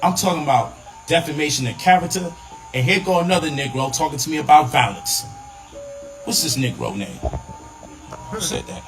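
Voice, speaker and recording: A man lectures his viewers in a raised, lively voice, his pitch swinging widely as he hammers each point home. He talks in a live-stream commentary style, with faint music playing underneath. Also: moderate pace, long pauses, low-quality recording. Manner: emphatic, lecturing, animated.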